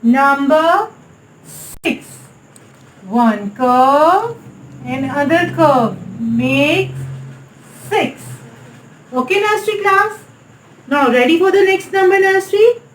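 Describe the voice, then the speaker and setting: A woman with a Pakistani English accent teaching a nursery maths lesson in a slow, sing-song way, repeatedly calling on the class. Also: sits high, lively intonation, roomy sound, slight background noise, rough recording. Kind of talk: recorded online maths lesson for small children.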